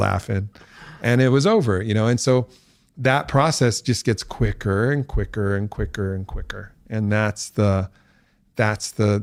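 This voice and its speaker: Low-voiced man telling a candid story. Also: no room sound. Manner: reflective, animated when telling a story, laughs often. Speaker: podcast guest.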